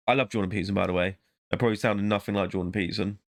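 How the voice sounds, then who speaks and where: Talking very fast in a low, steady voice, this vlogger rambles casually, interrupting himself, muttering, and dropping thoughts partway through.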